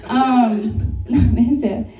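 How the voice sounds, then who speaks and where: A woman's voice: on the high side, steady tone, very slow, warm tone. A young woman doing a stand-up comedy set, self-deprecating and often laughing at her own jokes. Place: comedy bar stage. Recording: echoey club sound from a distance.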